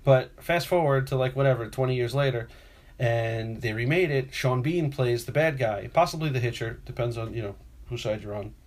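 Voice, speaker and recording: A man rambles through stories in relaxed podcast chat. He backtracks often and jumps into loud voices for the people in his stories. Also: mid-range voice, moderate pace. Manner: rambling storyteller, acts out quotes loudly. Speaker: podcast co-host. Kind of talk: casual chat.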